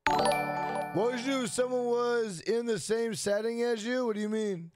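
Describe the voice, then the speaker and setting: A man's voice: extremely high pitch, measured pace, loud music behind the voice. A young man streaming a game, chatting loosely with profanity, repeating himself and reading chat questions aloud. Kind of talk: casual live stream chat.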